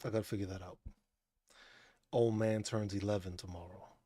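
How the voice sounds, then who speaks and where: A man's voice: on the low side, steady tone, normal speed, warm tone. A man hosting a casual chat stream, talking in a laid-back, profane way and laughing often. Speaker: streamer host.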